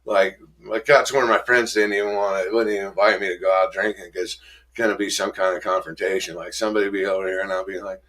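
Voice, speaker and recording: Rough-spoken man telling his story. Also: low-pitched, steady tone, fast, fairly bright tone. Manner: rough-spoken, acts out past exchanges in raised voices. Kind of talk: candid storytelling in an interview.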